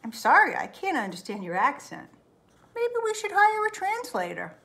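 Woman doing squeaky bickering mice. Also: huge pitch swings, normal speed, fairly bright tone, exaggerated voice. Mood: squabbling. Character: two fussy little mouse hotel managers.

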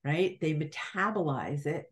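Podcast guest: middle-aged woman, deep voice, unhurried, reflective spiritual storyteller with halting restarts. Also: animated.

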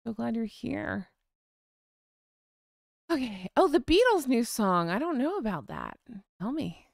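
A woman's voice: on the high side, huge pitch swings, unhurried, vocal fry, dry recording, clean studio sound. An American woman hosting a live chat, chatting casually, reading viewer comments and sighing with vocal eye rolls. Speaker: live stream host.

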